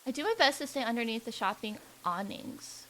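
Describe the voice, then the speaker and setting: A woman's voice: on the high side, lively intonation, brisk, a bit bright. A young woman voicing a weary, self-pitying young woman office worker, reading the game's lines aloud in her own voice. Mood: glum. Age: young adult. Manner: reads lines in her own voice, dramatic on pain. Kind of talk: voicing a game character aloud.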